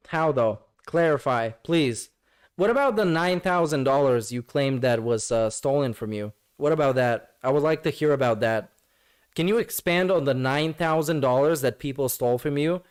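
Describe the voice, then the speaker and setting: A man's voice: mid-range voice, clear, resonant tone. Mocking, profane male reaction streamer. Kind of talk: sarcastic reaction commentary.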